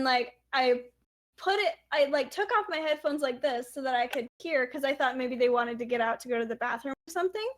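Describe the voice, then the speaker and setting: A woman guesting on a casual podcast, giggly with quick reactions. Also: high voice.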